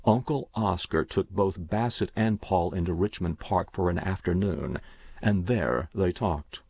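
Gravelly male audiobook narrator. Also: sits low, a little slow, no room sound. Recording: dull dry lo-fi recording.

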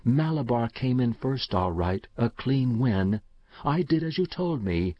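A man doing a hushed, eager little gardener. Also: mid-range voice, expressive, a little slow, no echo. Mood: urgent hush. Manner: hushed, urgent. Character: small sharp-eyed male gardener, eager. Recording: slightly dull dry recording.

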